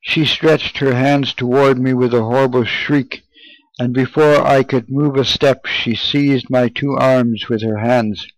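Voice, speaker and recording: A man reading an old first-person memoir aloud in a measured, solemn way. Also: mid-range voice, steady tone, no echo, low-quality recording. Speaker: reader. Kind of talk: audiobook narration.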